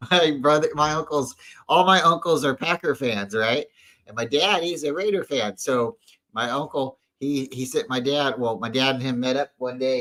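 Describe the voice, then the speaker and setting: A man with a bright, forceful, slightly high voice rambles through a story on a casual sports show. He restarts his sentences often and gets animated as the story builds. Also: poor audio. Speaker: podcast co-host. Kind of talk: casual fan chat.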